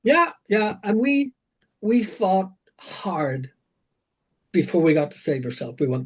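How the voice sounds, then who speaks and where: A man, a rock singer being interviewed, telling animated anecdotes full of fillers and restarts. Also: high voice, slow pace, low-quality recording. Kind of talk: casual interview storytelling.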